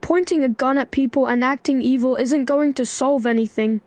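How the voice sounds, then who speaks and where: A synthetic woman's voice reading the lines of a stern, angry young man in an even way. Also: sits high, moderate pace, no room sound, lightly acted.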